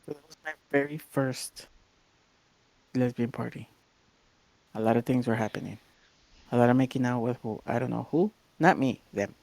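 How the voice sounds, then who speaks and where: A young woman co-hosting a podcast, telling stories in a lively, animated way and acting out the voices of the people in them. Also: very deep voice, normal speed, creaky, long pauses, no room sound. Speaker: podcast co-host. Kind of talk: casual chat, storytelling.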